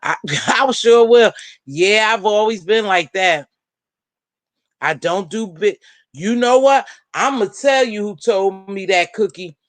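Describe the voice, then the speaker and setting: A woman hosting a casual live-stream panel, chatting and gossiping in an animated way and calling out friends by name. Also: mid-range voice, slow pace, no room sound. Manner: animated, talks straight to viewers and friends by name. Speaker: panel host.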